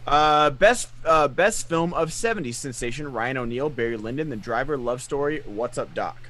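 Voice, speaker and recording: A man's voice: mid-range voice, normal speed. Joking man reading chat questions. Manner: animated, joking, laughs often. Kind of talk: casual live-stream chat.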